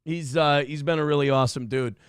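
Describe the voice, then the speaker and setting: A man's voice: fairly high pitch, steady tone, fairly quick, clean tone, no echo, studio quality. A man hosting a talk show, talking casually with crude, sarcastic, mocking jabs. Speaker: show host. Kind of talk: casual profane commentary.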